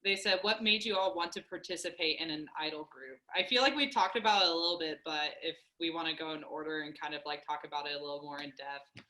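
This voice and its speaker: Young woman, lower voice, easygoing moderator reading fan questions. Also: fast, pushed and bright. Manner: reads out questions, bubbly with fillers. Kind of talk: casual group Q&A chat.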